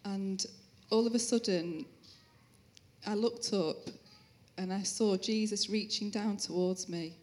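A woman speaking as an interview guest, sharing her personal faith story and family life in a gentle, sincere way. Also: mid-range voice, slow pace, pauses often. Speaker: interview guest, musician's wife. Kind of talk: personal testimony.

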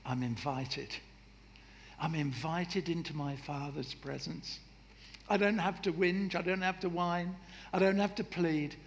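A man preaching a sermon in a lively, humorous way, acting out voices and jokes. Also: fairly high pitch. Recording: echoey hall with faint noise.

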